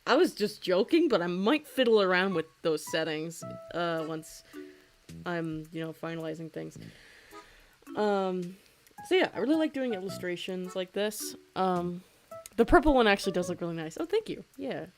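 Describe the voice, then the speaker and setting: A woman's voice: lowish voice, animated, normal speed, soft background music. A woman in her twenties, chatting casually and rambling with many fillers and frequent giggles while she draws on a stream. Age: 20s. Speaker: streaming artist. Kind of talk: casual chat while drawing.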